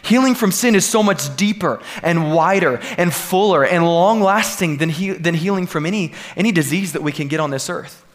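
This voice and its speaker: A man's voice: fairly high pitch, normal speed, few pauses. A man preaching a sermon to a congregation, earnest and building to emphatic peaks. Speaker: pastor. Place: church sanctuary.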